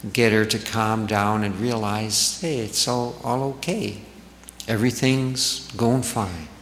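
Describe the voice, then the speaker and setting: A man telling stories gently to an audience as a spiritual speaker in a large hall. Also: on the low side. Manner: slow, gentle storytelling. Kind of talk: storytelling talk to an audience. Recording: echoey hall reverb, faint noise.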